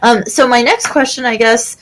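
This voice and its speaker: A woman's voice: a little high, moderate pace, fairly bright tone. A woman hosting an interview, asking hesitant, casual questions full of fillers. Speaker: interviewer, host.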